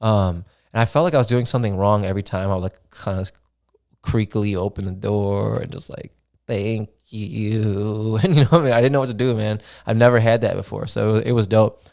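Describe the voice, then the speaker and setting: A young man talks loosely into his podcast mic, his voice sitting a bit low. He rambles through a story with plenty of "dude", "man" and swearing, relaxed and unhurried. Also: creaky. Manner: laid-back, swears freely, many fillers like "dude" and "man". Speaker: podcast host. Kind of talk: casual solo podcast storytelling.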